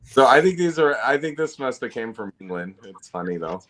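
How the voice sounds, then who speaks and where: A man's voice: mid-range voice, big pitch swings, fairly quick, a bit bright. A man co-hosting a casual political podcast, cracking jokes and laughing at his own quips. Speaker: podcast co-host.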